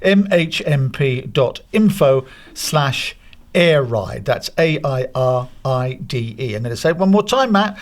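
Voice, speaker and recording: A man's voice: mid-range voice, animated, unhurried. A man co-hosting a podcast, presenting in a playful, joking way. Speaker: podcast co-host. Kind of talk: casual chat and presenting.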